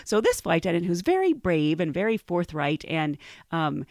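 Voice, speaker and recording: A woman's voice: lowish voice, normal speed, no room sound, studio quality. A woman hosting a podcast, telling a story casually, laughing often and acting out the people in it. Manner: giggly, animated, acts out quoted voices. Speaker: podcast host.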